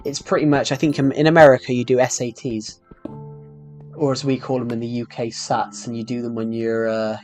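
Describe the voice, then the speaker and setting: Young male streamer, thick rolling-R British regional accent, slow, deliberate and full of restarts, mid-pitched, faint music behind. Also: flat delivery, darkish tone. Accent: strong rhotic British regional. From United Kingdom. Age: young adult. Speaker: game streamer. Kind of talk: casual live-stream chat while gaming.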